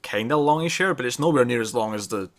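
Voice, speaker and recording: A man's voice: medium pitch, expressive, quick pace. Rambling man chatting about TV. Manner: rambling, self-correcting, laughing often. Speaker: podcast co-host reviewing TV. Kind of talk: casual review chat.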